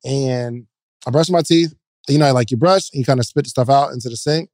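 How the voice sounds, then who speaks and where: A man's voice: medium pitch, brisk, a little mellow, no echo. A man co-hosting a podcast, telling stories in a loose, casual way with many "like"s. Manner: loose anecdotal storytelling with filler "like". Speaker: podcast co-host.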